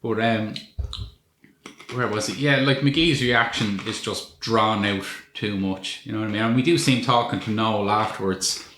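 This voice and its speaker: A man with a low, bright, tense voice, talking casually and swearing freely as he picks apart a film scene. He sounds like he's in an echoey room with a faint hiss behind him. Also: moderate pace. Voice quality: sweary, wry storytelling. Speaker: podcast co-host. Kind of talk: casual film review chat.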